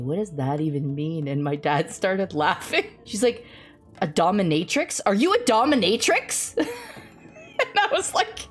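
A young woman streamer chats casually while telling a family story, bubbly and animated, laughing often. Her voice is low-pitched.

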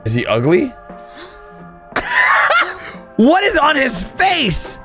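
A man hosts a casual reaction commentary, his high voice leaping all over the place as he gasps and breaks into loud laughter. He talks at an easy, drawn-out pace. Faint music plays underneath. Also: wildly swooping pitch. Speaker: host.

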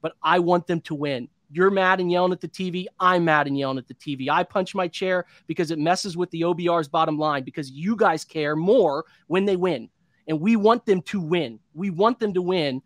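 A man's voice: high voice, normal speed, no room sound, clean studio sound. A man in his thirties, a sports podcast analyst, delivering a heated, frustrated rant full of restarts. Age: 30s.

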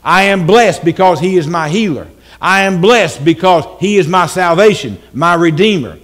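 A man preaching a church sermon, animated and dramatic, breaking into shouted calls and humorous asides. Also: high-pitched, normal speed. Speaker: pastor. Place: church sanctuary.

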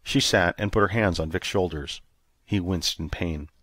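A man narrating an audiobook in a steady, even storytelling manner. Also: low voice, moderate pace, slightly rough, dry recording. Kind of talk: scripted narration.

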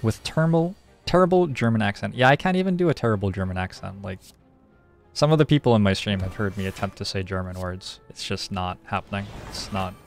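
Low-voiced man casually commentating a game. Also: fast talker, vocal fry, soft background music. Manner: relaxed, thinks aloud, explains at length with frequent "like". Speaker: game streamer. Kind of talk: casual live-stream gameplay commentary.

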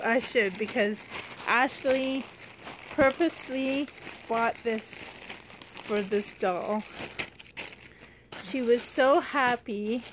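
Young woman vlogger, slightly high voice, slow unhurried unboxing chat, gushing, faint background hiss. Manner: gushing, excited exclamations.

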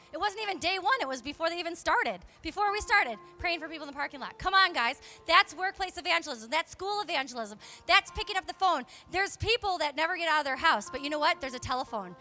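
A young woman, a pastor's wife, preaching a charismatic sermon in church, exhorting fervently and swinging between loud calls and hushed confessions. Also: high-pitched. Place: church sanctuary.

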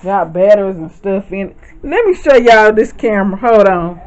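A woman talks straight to her viewers, chatty and excitable, constantly calling them "y'all." She speaks at an ordinary middle pitch. She is recorded at home on a camera mic, and the sound is dull and slightly lo-fi. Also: moderate pace. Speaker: vlogger. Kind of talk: casual haul vlog.

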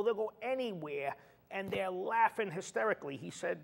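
A man's voice: high-pitched, moderate pace, creaky. A man, a comedian guest, telling a story in a casual chat and acting out the quoted dialogue. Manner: animated, acts out quoted dialogue. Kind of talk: anecdotal storytelling. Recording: long reverb.

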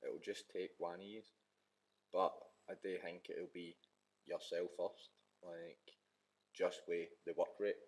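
A man's voice: sits low, flat delivery, slow pace, pauses often, rough recording. A Scottish man hosting a podcast, chatting casually and chipping in short encouraging remarks. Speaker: podcast host.

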